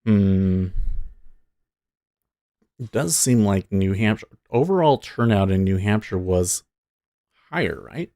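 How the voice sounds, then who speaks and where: A man's voice: fairly low pitch, expressive, takes it slowly, pauses often, dark tone, dry recording, studio quality. A man hosting a live day-trading stream, thinking aloud and cheering on his trades in easy casual chat.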